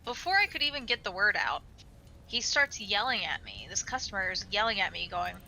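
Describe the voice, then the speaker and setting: A young woman co-hosting a gaming video in casual chat, a lively storyteller who laughs often. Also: medium pitch, brisk, creaky, a little hiss or hum, rough recording. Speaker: gaming channel co-host. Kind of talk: casual chat while playing a game.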